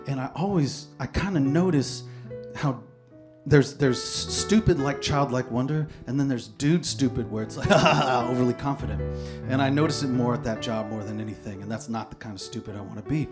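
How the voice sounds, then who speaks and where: A man's voice: mid-range voice, normal speed. A man telling a self-mocking comic story on stage, rambling along with bursts of laughter. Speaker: comedian and poet. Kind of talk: live stand-up storytelling. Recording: live stage recording with guitar music. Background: guitar music.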